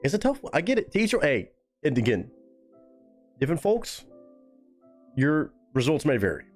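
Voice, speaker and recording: A man hosting a live stream, reacting to chat comments in a casual, swearing way with high-pitched mocking asides. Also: sing-song, normal speed, soft background music.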